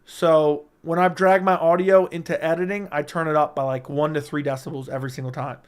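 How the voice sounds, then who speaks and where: Young man, livestream host, close studio mic, joking, crude, a bit high-voiced. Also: little pitch movement, a little fast. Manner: joking, crude, loud bursts, reads chat aloud. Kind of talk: casual livestream chat. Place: home room. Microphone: close studio mic with audio interface.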